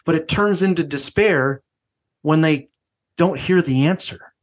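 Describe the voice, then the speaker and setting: A man's voice: fairly high pitch, measured pace. A man co-hosting a podcast, talking casually about faith and often checking in with "right?". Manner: conversational, repeats "right?" often. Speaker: podcast co-host.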